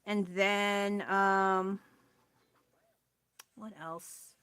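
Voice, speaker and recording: A woman's voice: medium pitch, level tone, very slow, fairly bright tone, clear, resonant tone. A tired young woman, chatting casually on a live stream while she paints. She rambles, laughs at herself often and loses her train of thought. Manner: rambling, scattered, self-deprecating, laughs often.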